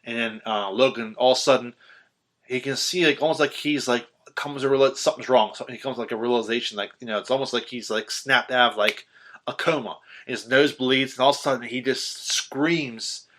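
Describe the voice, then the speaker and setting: A man talking through a movie with a friend on a podcast. He has a bright, forceful tone and swears freely. He jumps into loud acted-out quotes, then drops back into easy chatter. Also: mid-range voice, a little fast. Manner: animated, profane, acts out quotes loudly. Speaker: podcast co-host. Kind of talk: casual film discussion.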